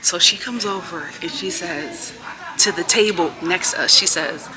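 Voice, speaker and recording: A woman vlogging outdoors on a city street, filming herself on her phone. She tells a story in a chatty, animated way and acts out what people said. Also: on the low side, a little slow, a crowd in the background. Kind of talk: casual storytelling vlog. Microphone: phone camera held while filming herself.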